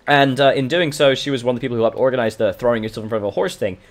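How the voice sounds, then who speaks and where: A man with an accent that blends British and American speech, playing a strategy game for his channel. He reads the event texts aloud, then drops into easy banter with his stream chat. His voice sits at an ordinary middle pitch. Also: fairly even intonation, racing. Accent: mixed British and American. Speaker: gaming channel host. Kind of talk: casual let's-play commentary recorded from a livestream.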